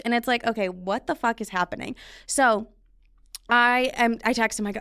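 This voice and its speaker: A woman's voice: a little high, a little fast, fairly bright tone. Candid, foul-mouthed young woman podcaster. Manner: candid, profane, self-mocking. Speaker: podcast host. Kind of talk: casual storytelling chat. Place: recording studio.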